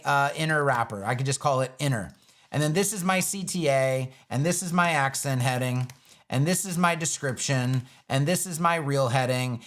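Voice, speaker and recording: A man's voice: a little high, fairly bright tone. A man teaching web design on a live stream, talking casually through each step as he builds a page on screen.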